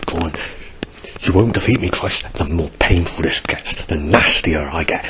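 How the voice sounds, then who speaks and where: Male vlogger, low voice, in pain and coughing, coarse and rambling. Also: normal speed, a bit bright, slight background noise. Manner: rambling, coarse, bitter outbursts. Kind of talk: rambling personal video diary.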